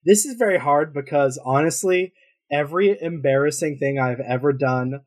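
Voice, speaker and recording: A man's voice: on the high side, normal speed. A man, co-host of a podcast, telling blunt stories in casual chat and swearing freely.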